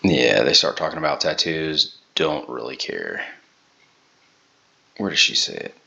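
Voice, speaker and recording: A man with a very low voice and a sharp, tense edge to it. He comments on clips in a sarcastic, critical way, cutting in to make his point. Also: sing-song, unhurried, creaky, slightly rough, lo-fi sound. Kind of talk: reaction commentary.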